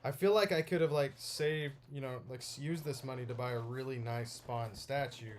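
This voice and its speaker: Brief: young male vlogger, mid-pitched, casual excitable unboxing chatter, light background hiss. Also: normal speed. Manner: rambling and excitable, full of fillers like "like".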